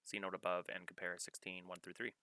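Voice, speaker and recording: A man reading scripture aloud in a measured, deliberate way, pausing to cite study notes and references. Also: low-pitched, completely flat delivery, pushed and bright, slight background noise. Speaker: scripture reader.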